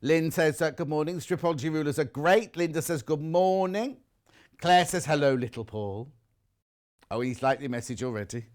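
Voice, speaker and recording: A man's voice: a little high, normal speed. Chatty male shopping channel host. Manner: chatty, self-mocking, jokey. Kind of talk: live TV shopping chat, reading viewer messages. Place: TV studio.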